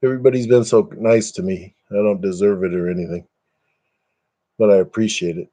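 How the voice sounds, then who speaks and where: A man's voice: lowish voice, fairly even intonation, fairly quick, warm tone. An older man chatting casually on a webcam live stream at home, rambling and self-deprecating, chuckling often.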